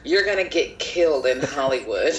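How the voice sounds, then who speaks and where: A frank American woman co-hosting a casual recap chat, animated and quick to laugh. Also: rumbling low, slight background noise. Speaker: co-host of recap show.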